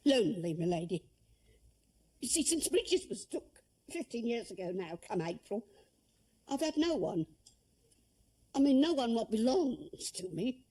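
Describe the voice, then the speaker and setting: Husky, tearful cook. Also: female voice, fairly high pitch, very animated, unhurried, pauses often, dark tone. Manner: defensive, then tearful and heartfelt. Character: proud touchy older female household cook. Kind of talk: period television drama.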